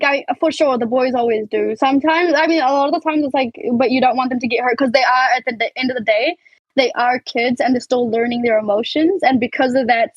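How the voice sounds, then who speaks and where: A woman's voice: high voice, no room sound. A young woman co-hosting a podcast in casual chat, telling stories with many fillers and restarts. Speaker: podcast co-host. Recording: dull lo-fi, dry sound.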